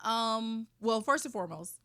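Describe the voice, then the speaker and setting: A woman's voice: a little high, lively intonation, moderate pace, a bit bright, clear, resonant tone. A woman co-hosting a podcast in casual chat, emphatic and supportive. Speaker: podcast co-host.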